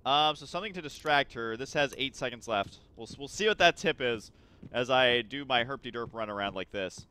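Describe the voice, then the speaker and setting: A young man giving casual let's play commentary while gaming, excitable and quick to exasperated outbursts. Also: mid-range voice, clear, resonant tone, dry recording.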